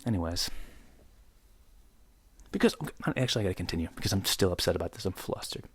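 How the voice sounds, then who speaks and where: A young man rants on his solo podcast, his low voice swinging wide between grumbling and indignant squeaks. He jokes and rambles in mock outrage. The sound is close and dry, with no room at all. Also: animated, a little fast, a bit bright, breathy edge, no room sound. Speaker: podcast host. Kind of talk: solo comedic podcast rant. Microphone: close podcast mic.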